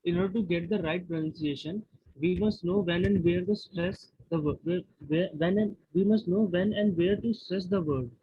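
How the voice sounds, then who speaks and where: A man's voice: high voice, moderate pace, noisy background. A man student reading notes aloud in class, careful and stopping to restart words. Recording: dull lo-fi recording.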